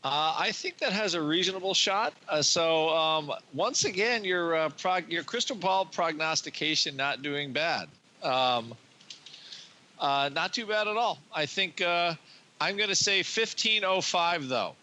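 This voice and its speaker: A man's voice: a little high, expressive, measured pace, bright, forceful tone. A man co-hosting a casual podcast with a nasal voice, speaking modestly with many fillers. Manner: modest, hesitant, lots of fillers. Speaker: guest co-host.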